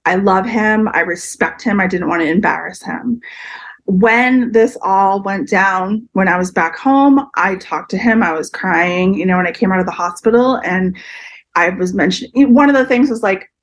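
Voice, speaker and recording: A woman's voice: medium pitch, moderate pace. A woman in her forties candidly sharing a personal story in an interview, often acting out what others said. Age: 40s. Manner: open, emotional, quotes others in lively voices. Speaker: podcast guest.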